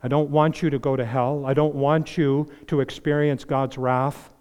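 A man preaching a sermon as pastor, impassioned, swinging between loud emphasis and hushed earnestness. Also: medium pitch, flat delivery, normal speed, smooth. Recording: long reverb of a large hall.

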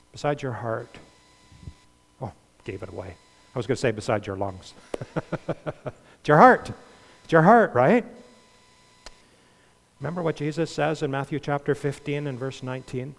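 A man preaching a sermon, asking his listeners questions and swinging from quiet, low passages to loud, pleading prayers. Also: creaky, in a large hall, a little hiss or hum. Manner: impassioned, rising to loud pleading prayers then dropping low; asks the congregation questions.

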